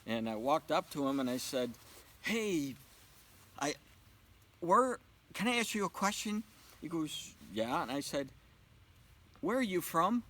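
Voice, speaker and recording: A man's voice: on the high side, big pitch swings, measured pace, pauses often, a bit bright, poor audio. A man telling a personal story in a casual interview, acting out the dialogue. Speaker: interview guest.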